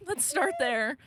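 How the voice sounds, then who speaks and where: A woman with a slight Southern twang, a guest telling stories in casual chat with plenty of fillers. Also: high voice. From American South. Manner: relaxed storytelling with many fillers.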